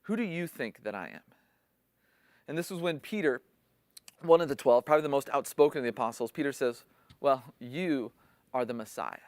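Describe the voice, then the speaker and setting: A man's voice: fairly high pitch, lively intonation, fairly quick, pauses often, a little mellow, no echo. A man preaching a sermon in a conversational teaching style, explaining scripture and acting out the quotes with rising intensity. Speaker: pastor.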